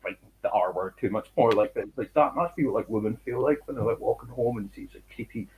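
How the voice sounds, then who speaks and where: A man, chatting casually on a stream, animated and swearing freely. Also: medium pitch, fast, phone-quality sound, a little hiss or hum. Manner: animated, swearing, laughing often. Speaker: stream co-host. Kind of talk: casual chat, storytelling.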